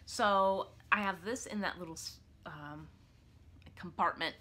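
A woman's voice: fairly low pitch, a little slow, bright, forceful tone. A young woman clarinetist talking casually in her apartment, showing her gig bag with lots of fillers and restarts. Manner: chatty, many fillers and restarts. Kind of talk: casual show-and-tell vlog.

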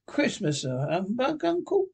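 A man voicing a cheerful, warm-hearted young man who speaks in a bright, eager, pleading way, with a husky voice. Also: very high-pitched, wildly swooping pitch, unhurried, pitched above the performer's own voice, heavily acted.

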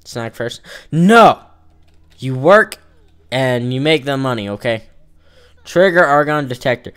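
A man chats loosely over his gameplay, teasing the characters on screen and joking to his viewers. His voice is smooth and clear, with a lively, swinging pitch, and he takes his time between lines. Keyboard typing can be heard faintly behind him. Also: unhurried. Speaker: gamer playing an online role-playing game. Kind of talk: casual let's-play commentary.

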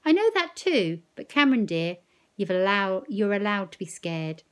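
A woman's voice: medium pitch, steady tone, a little slow, smooth, lightly acted. A woman reading a novel aloud, voicing an elderly grandmother who speaks earnestly and coaxingly. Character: elderly grandmother, gentle but firm.

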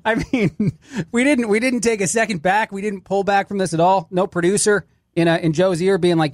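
Male fill-in radio host, higher register, dry studio sound, wry and opinionated. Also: fairly even intonation, brisk, no room sound. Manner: wry, critiques clips as he plays them. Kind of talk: opinionated talk radio commentary.

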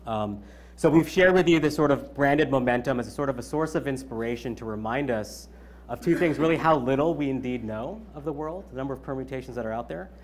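A man's voice: medium pitch, brisk, slight background noise. A man in his thirties giving an opening keynote at his own event, conversational, with many ums and you-knows. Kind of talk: conference keynote speech.

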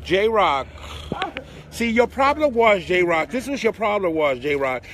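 A high-voiced man hosting a phone live stream outside, sassy and campy, tossing "honey" at everyone. His pitch swoops up and down as he teases people, and faint street noise sits under him. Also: sing-song, takes it slowly, a bit bright. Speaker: livestream host. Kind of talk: casual livestream banter. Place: outdoors on a city street. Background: street traffic.

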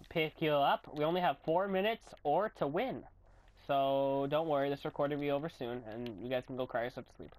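A young man giving rambling, goofy commentary while recording his own game, often bursting into yells and silly voices. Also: fairly high pitch, a little fast, no echo. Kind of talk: gameplay commentary.

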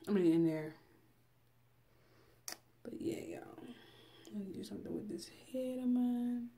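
A woman's voice: mid-range voice, measured pace, long pauses, warm tone. A young woman, vlogging in a casual chat and often addressing her viewers directly. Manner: chatty, laughs often, addresses viewers as y'all.

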